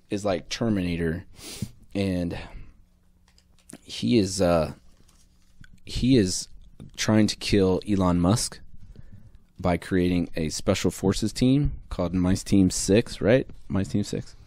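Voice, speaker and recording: A man's voice: sits low, takes it slowly, pauses often, warm tone, dry recording. A man hosting an improv comedy podcast, talking in loose rambling bursts with frequent restarts. The studio sound is close and dry. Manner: rambling with restarts, laughs often. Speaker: podcast host. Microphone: studio microphone.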